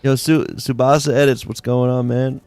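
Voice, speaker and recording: A laid-back man streaming a video game and chatting with viewers, his mid-pitched voice carrying a gravelly fry. He rambles in loose, slangy talk full of "like"s, with faint game music behind him. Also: flat delivery, normal speed, darkish tone, dry recording. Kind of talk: casual live-stream chat while playing.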